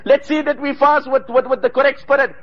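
A man's voice: very high voice, flat delivery, a little fast, dull audio. A man preaching a sermon, retelling stories with fervour and quoting Arabic phrases. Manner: fervent storytelling, quoting Arabic.

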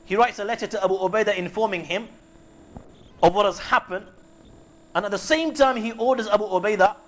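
A male preacher delivering a sermon that retells Islamic history in measured storytelling, with frequent Arabic honorifics. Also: sits high, fairly bright tone.

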